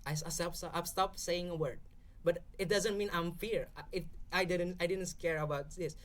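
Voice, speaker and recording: A man's voice: high-pitched, steady tone, moderate pace. Indonesian-accented young man explaining. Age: young adult. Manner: explanatory, keeps checking in with "okay?". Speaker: podcast guest speaker. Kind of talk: casual explanatory podcast talk.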